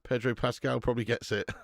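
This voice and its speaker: Steady, fairly quick and creaky at medium pitch, this young man's voice comes through in studio quality with no room sound. He runs a football watch-along stream, offering match commentary and casual chat with viewers while swearing freely.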